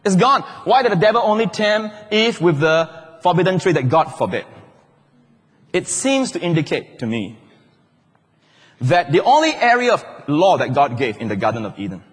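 Pastor preaching in a reverberant hall. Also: male voice, a little high, husky. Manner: playful, teasing asides to the congregation. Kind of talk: sermon. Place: large church hall.

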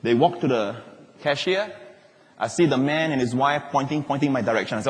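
A man preaching a sermon as a pastor, telling stories in an animated way and acting out the voices he quotes. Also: mid-range voice, fairly quick. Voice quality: animated, acts out quoted voices, laughs as he talks. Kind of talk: sermon with personal storytelling. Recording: long reverb of a large hall.

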